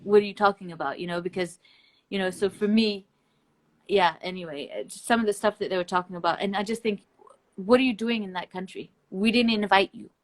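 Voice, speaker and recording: A woman's voice: medium pitch, fairly quick. Blunt, emphatic woman guest. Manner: blunt and emphatic, swears freely; laughs between points. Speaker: interview guest. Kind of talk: casual conversation on a live stream.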